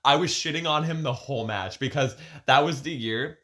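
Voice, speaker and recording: A man's voice: mid-range voice, normal speed, bright, forceful tone. A man hosting a podcast in casual chat, rambling and profane, often restarting his sentences. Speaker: podcast host.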